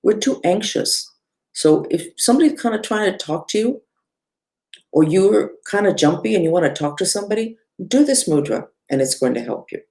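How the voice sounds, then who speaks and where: Speaking at a moderate pace with a somewhat dark tone, a woman who teaches spirituality explains mantras and mudras expressively. The online lesson is loose and conversational, with asides at her own expense and big pitch swoops.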